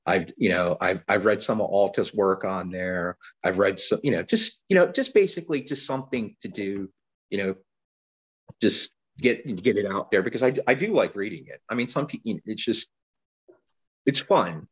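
A man talking as a guest poet in a casual interview, rambling and halting with lots of fillers and restarts. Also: lowish voice, animated, slightly rough, highs cut off.

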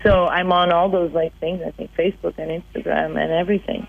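A woman's voice: fairly low pitch, fairly even intonation, a little fast, vocal fry, phone-quality sound. A woman in her thirties from Portugal who speaks English with a Portuguese accent, chatting in an interview. She talks hesitantly, with many fillers and restarts. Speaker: singer guest. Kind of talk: casual interview chat.

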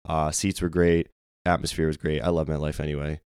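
Young male podcast co-host: hoarse, very low voice, rattles along fast with fillers. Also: dry recording, studio quality. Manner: rambling, excitable, lots of fillers. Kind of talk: casual sports podcast chat.

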